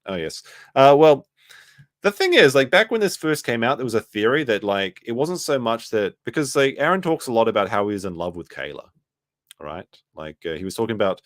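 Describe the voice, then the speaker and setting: A man's voice: medium pitch, lively intonation, a little fast, a bit bright, dry recording, studio quality. A man hosting a casual commentary stream, reading chat messages aloud and joking about clips.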